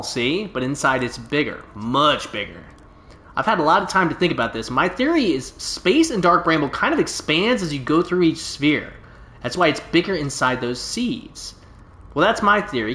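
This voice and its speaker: Here a man pitched on the high side goes full character voice, bright and forceful, reading video game lines as a stranded alien pilot who brags and takes it easy. His telling is folksy and drawling, and the room gives it a roomy echo.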